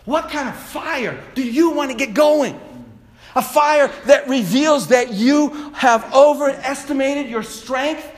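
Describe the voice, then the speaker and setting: High-voiced preaching man. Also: slow pace. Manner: preachy, builds to shouts then drops low. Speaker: pastor. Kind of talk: sermon.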